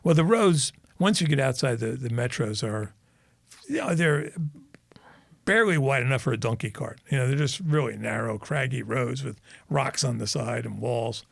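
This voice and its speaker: A man in casual podcast chat, rolling from one anecdote into the next and laughing at his own punchlines. His voice has a gravelly fry and sits in the middle of the male range. The recording is dry and close. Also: mid-range voice, animated, moderate pace, dry recording. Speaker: podcast co-host.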